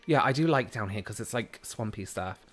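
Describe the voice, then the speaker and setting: A man's voice: on the low side, expressive, brisk, fairly bright tone, faint music behind. A man from the United Kingdom streaming a game, chatting casually and answering viewer comments as he plays. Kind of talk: casual live-stream chat.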